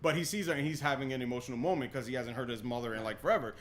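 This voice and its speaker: A young man hosting a podcast in casual chat, excitable and full of "yo", often restarting his sentences. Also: medium pitch, rapid-fire. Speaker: podcast host.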